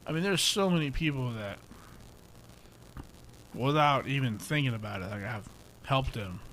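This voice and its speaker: A young man co-hosting a casual podcast, his talk salted with profanity. He tells stories in a lively way and turns loud when he acts out what friends said. A faint hiss of noise sits behind his voice. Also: medium pitch, moderate pace. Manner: profane, animated storytelling, acts out quotes loudly. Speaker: podcast co-host.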